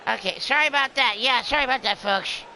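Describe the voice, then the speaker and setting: A man's voice: very high voice, quick pace, pushed and bright, a little hiss or hum, rough recording. A man calling a wrestling game as a rambling, jokey streamer who plays a drunken clown persona. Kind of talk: excitable play-by-play game commentary.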